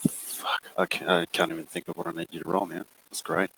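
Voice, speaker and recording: A man running a tabletop game as game master, describing scenes in an unhurried, hesitant way with many fillers. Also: deep voice, flat delivery, vocal fry, bright, forceful tone, husky, rough recording.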